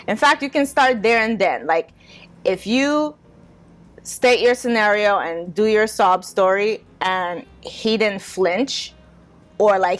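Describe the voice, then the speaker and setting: A woman's voice: medium pitch, a bit bright. A young woman hosting a podcast, talking casually and wryly, with lots of "like" and small laughs. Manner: chatty, wry, with frequent "like" and laughs. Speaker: podcast host. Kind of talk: casual advice monologue.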